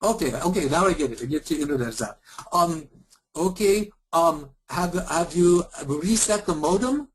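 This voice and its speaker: A man voicing an impatient male call-center agent in a bad put-on Indian accent, rushing his words in a customer service role-play. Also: fairly high pitch, expressive, breathy edge, pitched above the performer's own voice. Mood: hurried. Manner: rushes words and brushes the caller off.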